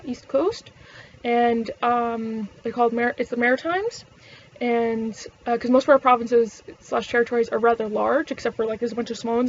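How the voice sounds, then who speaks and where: A woman's voice: fairly high pitch, highs cut off, slight background noise. A young woman from Canada with a Canadian accent, chatting frankly to camera, swearing and using lots of fillers. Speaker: vlogger. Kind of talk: casual chat to camera.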